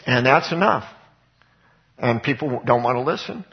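A man delivers a sermon with earnest emphasis, moving between Bible reading and rhetorical questions. His voice sits at an ordinary middle pitch. The recording is dull and lo-fi. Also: lively intonation, normal speed, creaky. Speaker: preacher.

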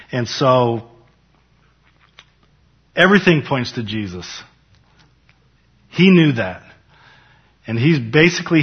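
Earnest husky man teaching scripture. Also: mid-range voice, highs cut off. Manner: earnest, fervent, addresses viewers as "you guys"; reads scripture slowly with rising emphasis. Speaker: Bible teacher. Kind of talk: casual Bible teaching to viewers.

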